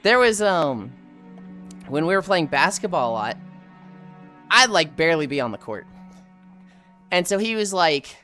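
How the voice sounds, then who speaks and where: A woman's voice: lowish voice, a little slow, long pauses, faint music behind. A woman streamer telling rambling stories from her school days in casual, profane chat while greeting viewers. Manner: profane, rambling, animated retelling.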